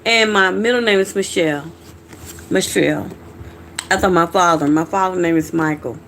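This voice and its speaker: Pitched on the low side and fairly bright, this woman talks at a moderate pace amid slight background noise. She is a middle-aged livestream host from Georgia, USA, whose Southern-accented chat with viewers is frank as she reacts to their comments.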